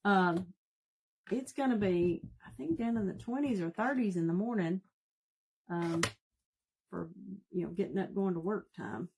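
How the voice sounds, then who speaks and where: A woman's voice: mid-range voice, a little slow, pauses often, darkish tone, husky. A woman with a Southern US accent hosting a casual live craft demonstration, chatting folksily and greeting viewers by name as she works. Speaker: craft tutorial host. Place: home craft room.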